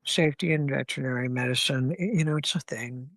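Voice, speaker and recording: A man speaking as a therapist guest on an interview podcast, animated and acting out heated scenarios with blunt language. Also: medium pitch, quick pace, dry recording. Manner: animated, acts out angry scenarios with profanity. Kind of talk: conversational interview.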